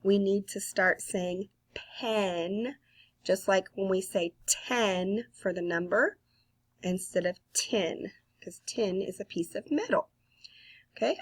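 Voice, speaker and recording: A woman with a Southern US accent leads a recorded phonics lesson for young children. She speaks very slowly and patiently, sounding out each letter for the children to repeat. Her pitch sits in a middle range. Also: breathy edge. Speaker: kindergarten teacher.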